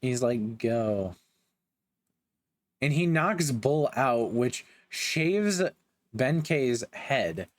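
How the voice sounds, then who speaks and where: A man's voice: mid-range voice, lively intonation, extremely slow. A young man giving a casual, joking recap of a manga, with slangy asides. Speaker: manga reviewer.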